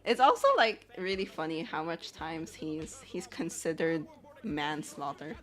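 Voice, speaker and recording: A woman's voice: low voice, lively intonation, measured pace, a bit bright, faint music behind. A young woman chatting casually at her computer, rambling and giggling as she swears and fills her talk with "like" and "you know.". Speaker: animator. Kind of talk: casual chat while sharing her screen.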